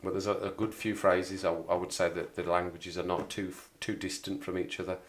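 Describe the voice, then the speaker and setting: West Midlands bloke hosting a chatty live stream, rambling, laughs a lot, lowish voice. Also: male voice, level tone, brisk. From Wolverhampton area, England. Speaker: livestream host. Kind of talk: casual livestream chat.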